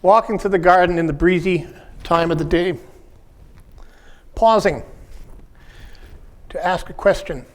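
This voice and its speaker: A man with a notably high voice gives a reflective workshop talk, the way a pastoral counselor speaks to a gathered group. He talks in short, measured phrases, pausing between thoughts in a contemplative manner.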